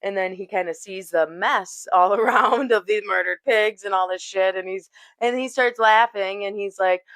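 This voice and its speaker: A woman's voice: mid-range voice, normal speed, a bit bright, no room sound. A woman hosting a yoga talk, chatty and loose, cursing and laughing as she tells a story. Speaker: yoga teacher and podcast host. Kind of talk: casual spiritual talk.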